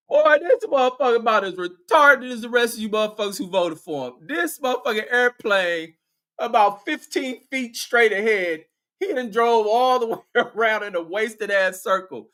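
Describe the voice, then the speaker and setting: A man giving loud, mocking, profane commentary over news footage, scornful and quick to laugh. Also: very high voice, expressive.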